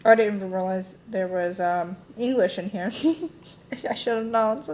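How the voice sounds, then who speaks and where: A woman's voice: medium pitch, steady tone, measured pace, darkish tone, slight background noise. A young woman chatting casually as she unboxes beauty products, rambling with lots of fillers and self-corrections. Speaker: beauty vlogger.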